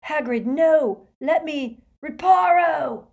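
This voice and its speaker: A woman voicing a teenage boy wizard shouting spells. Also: medium pitch, steady tone, measured pace, close to an everyday voice. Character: brave teenage boy wizard under attack. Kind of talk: audiobook character reading.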